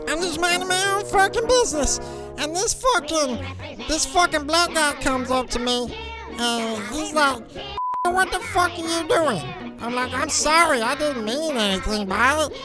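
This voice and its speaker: A man's voice: very high voice, voice pushed up, poor audio. A man putting on a voice for a small, angry man being arrested, ranting in a profane, whiny way.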